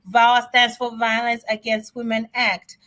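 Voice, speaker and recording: A woman answering immigration questions on a live stream, chatty and excitable, often repeating herself. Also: on the high side, unhurried. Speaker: immigration advisor.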